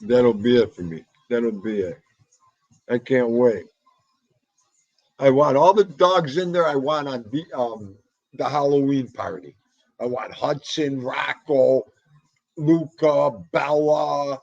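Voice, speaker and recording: A man's voice: medium pitch, slow, creaky, no echo, dull audio. A man with a New York accent hosting a live podcast, chatting casually with viewers and calling out their names. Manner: chatty, shouts out viewers by name, jokey. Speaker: live podcast host reading chat. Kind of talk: casual livestream chat.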